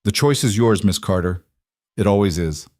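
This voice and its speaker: A man voicing a cold, controlled mafia boss who states threats calmly and matter-of-factly. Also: on the low side, normal speed, no echo, studio quality, natural voice. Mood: commanding. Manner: calm, clipped, matter-of-fact threats.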